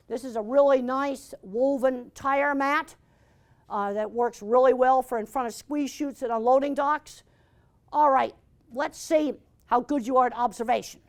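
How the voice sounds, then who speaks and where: An older woman giving a blunt, emphatic lecture with slides, repeating her key points. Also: sits high. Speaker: animal science lecturer.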